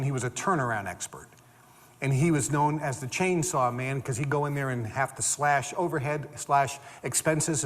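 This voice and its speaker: A man giving a motivational talk, emphatic and animated, repeating phrases for stress. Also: medium pitch, long reverb tail. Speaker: motivational speaker.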